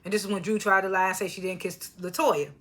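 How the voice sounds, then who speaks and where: Woman recapper with AAVE speech, casual and animated, bright tone. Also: medium pitch, quick pace. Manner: laughs often, animated retellings of quotes. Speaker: reality TV recapper.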